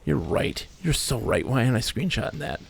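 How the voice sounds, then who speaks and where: A man streaming a game, rambling and poking fun at himself in lively, up-and-down speech. His voice has a gravelly edge, with a faint hiss behind it. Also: medium pitch, a little fast. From Michigan, USA. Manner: rambling, animated, self-deprecating. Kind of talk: casual livestream chat while gaming.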